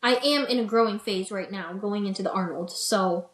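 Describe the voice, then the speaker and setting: A young adult woman, an interview guest and bikini competitor, telling her story in a chatty, animated way with lots of "like" and "you know". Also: medium pitch, normal speed. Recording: roomy echo.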